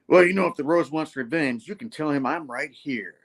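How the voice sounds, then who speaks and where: A man playing a calm, hard male gangster who answers in short, clipped lines. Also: a little high, fairly quick, voice pushed up, lightly acted. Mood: defiant.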